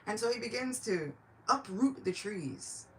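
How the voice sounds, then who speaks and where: A woman giving a devotional lecture, telling a sacred story in a lively, chatty way. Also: medium pitch, a little slow, a little hiss or hum.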